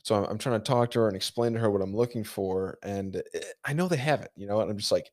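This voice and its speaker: A young man hosting a casual podcast, telling animated stories with swearing and quick impressions of people. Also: on the low side. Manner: animated storyteller, swears freely, mimics people he quotes. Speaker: podcast host. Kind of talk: casual chat.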